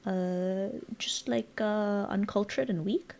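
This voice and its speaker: A mid-range voice with vocal fry, taking its time, belongs to an American woman live-streaming as she designs. She's chatty and playful, teasing viewers and wandering off in asides to chat.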